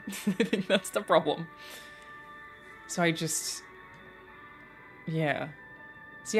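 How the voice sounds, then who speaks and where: A woman voice actor with a low-sitting, slightly bright voice offers chatty, reflective commentary while streaming a game. Her casual gameplay talk is full of fillers.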